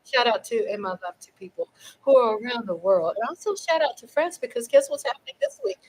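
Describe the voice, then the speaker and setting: A middle-aged woman hosting a casual livestream, talking in a lively, chatty way and swinging from loud cheering to low asides. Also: fairly quick, poor audio. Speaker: livestream host.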